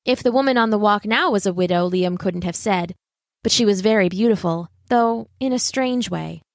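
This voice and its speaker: A woman's voice: medium pitch, no room sound. Woman narrating a storybook, dry and close. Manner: measured, gently expressive reading. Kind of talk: audiobook narration.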